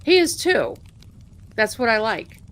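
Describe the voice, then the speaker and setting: American woman host, unhurried chatty delivery, faint hiss behind her. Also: a little high, big pitch swings, a bit bright. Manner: slow, chatty, repeats herself, drops to a whisper. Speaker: livestream host. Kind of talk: casual livestream chat.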